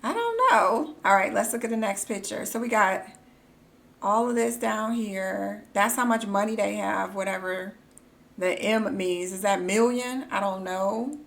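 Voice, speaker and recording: A young woman live-streaming, chatting casually and reacting excitedly, gasping and squealing, then muttering quietly to herself. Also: mid-range voice, measured pace, gravelly.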